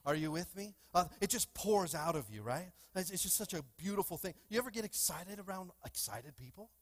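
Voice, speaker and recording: Fervent preaching man, fairly high voice. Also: expressive, a little fast, dry recording. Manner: call-and-response preaching, rising to fervent bursts. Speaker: pastor. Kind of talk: sermon. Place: church sanctuary.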